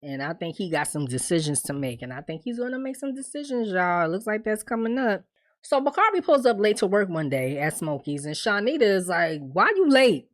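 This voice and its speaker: A woman's voice: lowish voice, expressive, brisk. A woman giving a casual, slangy recap of a TV episode, telling it like a story and acting out the quotes. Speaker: TV show reviewer.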